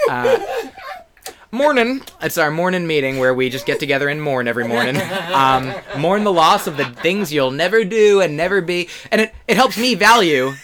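A man's voice: fairly high pitch, background noise. A man co-hosting a podcast in a casual chat, thinking aloud in a rambling, reflective way with lots of filler. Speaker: podcast co-host.

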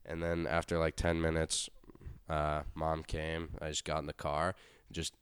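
A young man chatting casually, telling rambling, profane stories and acting out quotes with loud bursts. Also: extremely low pitch, a little slow, smooth, no room sound. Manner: profane, rambling storytelling with animated acted-out quotes. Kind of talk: casual podcast chat.

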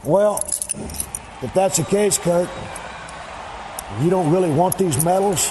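Taunting man shouting in an echoey arena. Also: high voice, slow pace. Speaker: pro wrestler. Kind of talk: wrestling promo. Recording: echoey arena audio with faint background noise.

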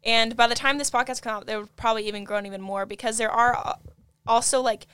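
A young woman co-hosting a casual podcast, telling news stories in an animated way with lots of fillers. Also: on the high side, quick pace, clear, resonant tone, no echo. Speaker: podcast co-host.

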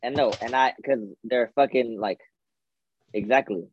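A man who is a podcast guest, chatting casually in fast slang and swearing, recorded through earbuds with a dull, lo-fi sound. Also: medium pitch, no room sound. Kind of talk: casual chat. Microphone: earbuds on a phone.

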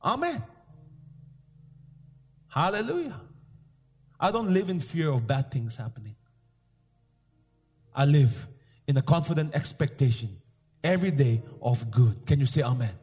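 High-voiced preacher in an echoing hall. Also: male voice, big pitch swings, a little slow, long pauses, a little mellow, breathy edge. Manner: emphatic, repetitive declarations with call-and-response. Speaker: pastor. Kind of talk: sermon. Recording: live sermon in an echoing hall with faint music.

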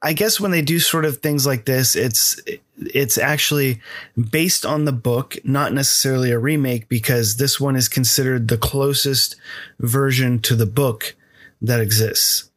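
An American man co-hosts a podcast, chatting casually with lots of fillers and restarts. His voice is medium-pitched and fairly bright, and he keeps a measured pace.

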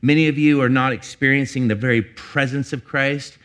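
A man's voice: medium pitch, steady tone, normal speed, fairly bright tone. Pastor, middle-aged man, mid-range voice; confessional sermon delivered like a personal story, loose and conversational with restarts. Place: church.

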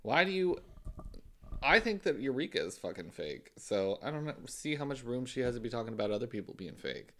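A man's voice: medium pitch, very animated, fairly quick, a bit bright. A man co-hosting a casual chat who throws in dry, sarcastic remarks. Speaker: podcast co-host.

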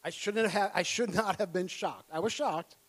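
A man from Minnesota preaching a sermon, telling a personal story with animated storytelling, acting out his past self in excited tones and laughing often. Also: high-pitched, moderate pace.

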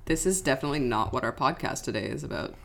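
A woman with a low voice that swings widely in pitch, co-hosting a podcast. She teases, pushes back with firm opinions and laughs often. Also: lively intonation, fast, gravelly. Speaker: podcast co-host. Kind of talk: casual chat.

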